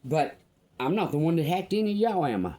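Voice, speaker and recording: An older woman from Louisiana ranting to camera as a vlogger, blunt, indignant and profane, with slow emphatic pauses. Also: fairly low pitch, lively intonation, mellow. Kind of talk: angry personal rant to camera.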